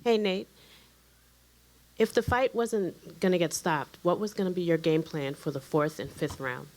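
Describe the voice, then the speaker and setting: A woman's voice: fairly low pitch, normal speed, darkish tone, a little hiss or hum. A woman reporter asking short, direct questions at a press conference.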